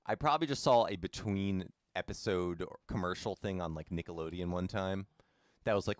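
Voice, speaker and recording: Streaming a game, a young man with a deep, low voice talks easily and fairly quickly with his viewers, greeting chat members by name. He comes across as relaxed and talkative in this casual live-stream chat. The audio is close and dry, without any room echo.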